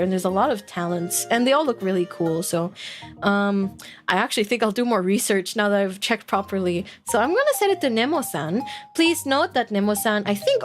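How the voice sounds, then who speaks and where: A woman streamer chatting casually and playfully with her audience, laughing often. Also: on the high side. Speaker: virtual streamer. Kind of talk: casual live-stream chat. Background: faint background music.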